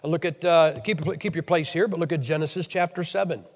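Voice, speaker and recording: A man's voice: on the high side, a little fast, big-room sound. An American man from Ohio preaching a blunt, emphatic, scolding sermon to a church meeting. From Ohio, USA.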